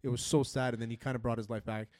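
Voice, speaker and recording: A man chatting casually about football and wrestling with friends, rambling and trailing off quietly at times. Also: medium pitch, level tone, very fast, no room sound, clean studio sound. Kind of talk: casual sports chat.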